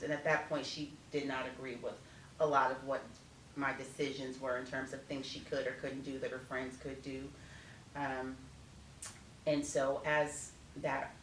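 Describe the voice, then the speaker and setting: A middle-aged woman speaking as an interview guest, an animated storyteller who acts out family conversations. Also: a bass voice, gravelly. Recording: echoey room, distant from mic, faint noise.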